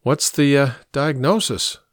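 A man reading an audiobook, voicing a nervous young man who stammers and fills pauses. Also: mid-range voice, no echo, studio quality, pitched above the performer's own voice, close to an everyday voice. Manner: hesitant, stammering with fillers.

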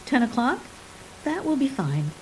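A woman's voice: high-pitched, big pitch swings, unhurried, slight background noise, voice pushed up, low-quality recording. A woman reading a story, voicing a sick aging man who speaks curtly and bitterly. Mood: businesslike. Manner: sharp, scornful delivery.

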